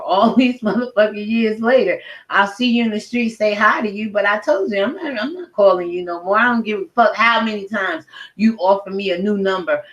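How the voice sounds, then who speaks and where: A woman's voice: mid-range voice, moderate pace, fairly bright tone. A middle-aged woman ranting at home in a blunt, profane, heated commentary video. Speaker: commentary vlogger. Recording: roomy echo.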